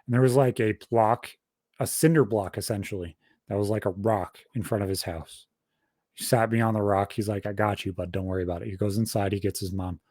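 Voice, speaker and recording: A man's voice: lowish voice, fairly quick, no echo, clean studio sound. A young man casually telling a long story on a podcast, swearing constantly and rambling through details. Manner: profane, rambling, animated storytelling. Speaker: podcast host.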